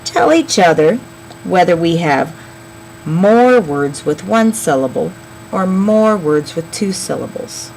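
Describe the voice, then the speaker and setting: A woman teaching young children a phonics lesson, slowly sounding out words and counting syllables. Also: lowish voice, expressive, gravelly, darkish tone, slight background noise, rough recording. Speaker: elementary school teacher.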